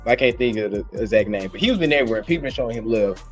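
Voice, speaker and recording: Early twenties man, mid-pitched voice, animated rambling podcast chat, home mic. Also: racing, soft background music. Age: early 20s. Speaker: podcast co-host. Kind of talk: casual sports podcast chat. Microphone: home mic, remote call.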